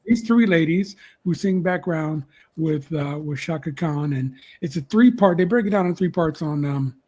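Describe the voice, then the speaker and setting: Husky man hosting a live talk show. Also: fairly high pitch, animated, normal speed, warm tone. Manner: loose, rambling with restarts. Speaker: show host.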